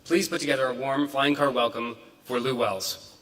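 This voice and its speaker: A man's voice: medium pitch, fairly even intonation, moderate pace, noisy background. A man hosting an event, reading an introduction of the guest speaker from notes, with fillers and some stumbles. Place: event hall. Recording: distant, echoey hall.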